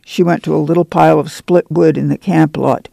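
A man narrating an audiobook in a steady, measured reading. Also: on the high side, vocal fry, no echo. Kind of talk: scripted narration.

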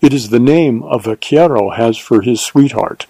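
A man's voice: mid-range voice, mellow, no echo, close to an everyday voice. A man voicing a devoted Texas ranger in a read-aloud western, speaking earnestly and a little huskily. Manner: earnest, husky, slow.

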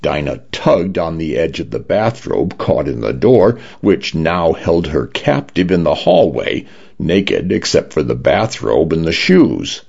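A man narrates science fiction stories on the radio. His voice is very deep, gravelly and husky, slow but lively in pitch. The broadcast sounds dull and lo-fi. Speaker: radio story reader. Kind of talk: scripted narration.

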